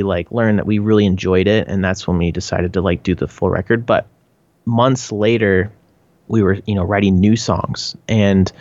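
Man, Canadian accent, low voice, rambling casual answers, muffled lo-fi recording. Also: no echo. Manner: rambling, frequent "like" and restarts, laughs often. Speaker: band member, interviewee. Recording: dull lo-fi dry sound.

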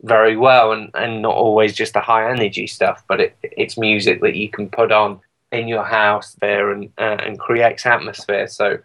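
Chatty British man, slightly low voice. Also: level tone, normal speed, fairly bright tone, poor audio. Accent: British English. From Britain. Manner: chatty, rambling, self-deprecating, many fillers. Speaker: guest musician. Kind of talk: casual interview chat.

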